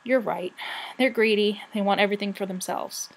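A woman voicing a quick-tempered female brownie in a storybook reading, grumbling and exclaiming. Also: mid-range voice, natural voice.

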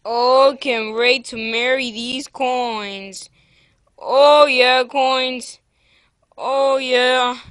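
A woman playing a greedy, excitable young boy who calls people fool and noisily kisses his gold coins in a homemade puppet comedy. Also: high-pitched, drawn-out words, clean tone, no room sound, heavily acted.

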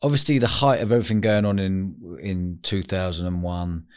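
A male podcast host with a low voice draws out his guest. He uses short, casual questions and quick backchannel replies. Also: steady tone, smooth. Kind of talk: casual interview.

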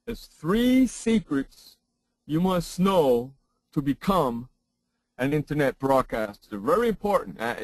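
A sports talk radio host with a somewhat high voice gives a seminar presentation on broadcasting into his own broadcast microphone, repeating points for emphasis. The recording is dry and of poor quality.

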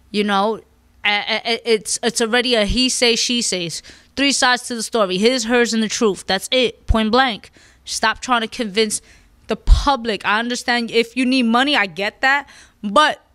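A woman podcast host ranting with emphatic, profane opinions in loose, casual chat. Her voice sits on the higher side and sounds close and dry, with no room around it. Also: fairly bright tone, dry recording. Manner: emphatic, profane, repeats "you understand?".

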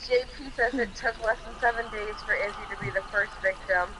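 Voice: mid-range voice, fairly even intonation, fairly quick, a crowd in the background, poor audio. A gamer reading chat messages aloud during a stream, laughing often. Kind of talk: casual chat.

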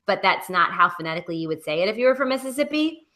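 A woman with a Southern American accent chats about books, opinionated and quick to laugh. Her voice is bright and forward, at a middle pitch. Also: animated. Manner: opinionated, chatty, laughs often. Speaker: podcast co-host. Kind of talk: casual book club chat.

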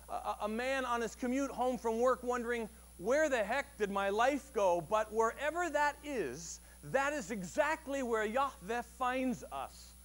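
A man preaching a Sunday sermon in a conversational way, asking the congregation questions and bursting loudly into quoted voices. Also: very high-pitched. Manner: conversational, asks the audience questions; acts out quoted voices with sudden loud bursts. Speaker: pastor. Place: church service.

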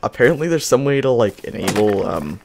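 A young man chatting casually while playing a game, goofy and crude, with sudden shouts. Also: mid-range voice, very animated, fairly quick, background noise. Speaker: gaming channel host. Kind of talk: casual gameplay chat.

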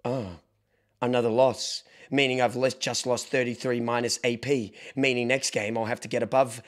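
A man mimicking a calm, methodical woman gamer. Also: mid-range voice, voice pushed down, lightly acted. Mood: calm, deliberate. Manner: measured, deliberate explaining.

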